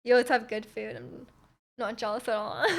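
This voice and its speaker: High-voiced chatty young woman. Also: expressive, normal speed, gravelly. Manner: chatty and rambling, answers chat questions, many restarts and "like"s. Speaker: livestreamer reading chat. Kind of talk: casual chat with viewers.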